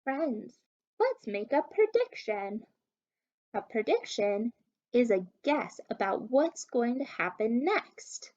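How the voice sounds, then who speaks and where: A woman reading a children's story aloud slowly and expressively for young listeners, on a dull lo-fi home recording. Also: fairly high pitch, sing-song, a little mellow.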